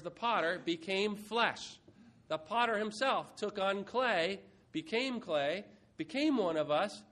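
A man preaching a sermon, moving from quiet reflection to a playful mock auction with the congregation. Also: sits high. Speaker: pastor.

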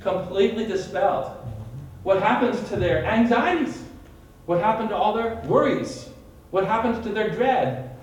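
A high-voiced man teaching a small group in sermon style, animated and full of questions for his listeners. He is caught from a distance in a very roomy, echoing space. A faint hiss runs underneath. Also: measured pace. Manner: animated, quizzes listeners by name, dramatic retelling. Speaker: Bible study leader. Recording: echoey room from far off.

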